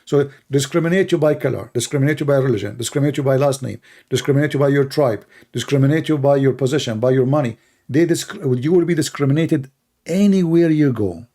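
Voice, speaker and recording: A man's voice: mid-range voice, fast talker, dark tone. A man, talking in a casual, emphatic monologue and telling stories with lots of repetition. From Middle East. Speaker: online commentator.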